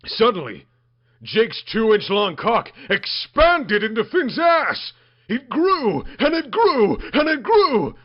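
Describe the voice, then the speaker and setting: A man's voice: extremely high pitch, big pitch swings, slow pace. A man reading a comedic story aloud in a mock-dramatic, building manner. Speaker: narrator. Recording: muffled dry lo-fi recording.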